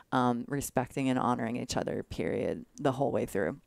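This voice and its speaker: A woman with a low, gravelly voice recounts a story in relaxed podcast conversation. She slips into the voices of the people she quotes, and her voice sounds close and dry. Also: moderate pace, few pauses, dry recording. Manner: animated, acts out quotes of others. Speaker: podcast guest. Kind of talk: casual storytelling.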